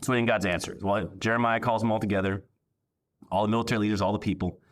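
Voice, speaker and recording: A man's voice: lowish voice, fairly even intonation, quick pace. A male pastor preaching a sermon in a casual, joking, conversational way.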